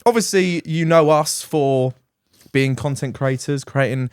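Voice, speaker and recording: A man's voice: fairly high pitch, a little slow, smooth, dry recording, studio quality. A young British man hosting a casual podcast, steering the chat in an upbeat way. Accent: British English. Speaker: podcast host, content creator.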